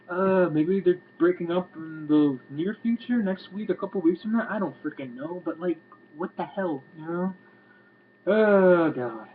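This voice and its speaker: A man's voice: high voice, unhurried. A man giving a casual, rambling video review, sounding exasperated and swearing freely. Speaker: wrestling reviewer. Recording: tinny lo-fi home recording with faint hum.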